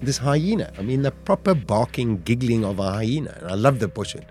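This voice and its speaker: A middle-aged man vividly telling his own survival story, with animated storytelling that rises at the dramatic moments. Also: mid-range voice, brisk, faint music behind. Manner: vivid, lively retelling, rising to shouts at dramatic moments. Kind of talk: animated first-person storytelling.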